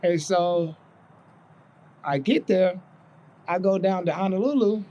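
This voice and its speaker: A man's voice: high-pitched, takes it slowly, muffled recording, a little hiss or hum. A man in his forties, a podcast co-host, telling a long, profane story in casual chat. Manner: profane, animated storyteller acting out voices.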